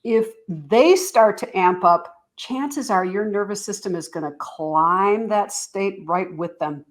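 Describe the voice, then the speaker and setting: A middle-aged woman talking in a podcast interview as a guest expert, animated and acting out little dialogues. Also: medium pitch, slow. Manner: animated, acts out parent and teen dialogue.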